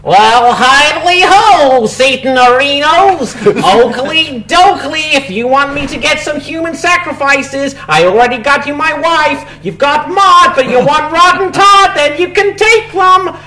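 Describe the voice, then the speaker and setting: A man's voice: very high voice, expressive, a little slow, hardly any pauses, sharp tone, echoey room, voice pushed up, heavily acted, low-quality recording. A man voicing a relentlessly cheerful, pious cartoon neighbour with chirpy folksy catchphrases. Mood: gleeful.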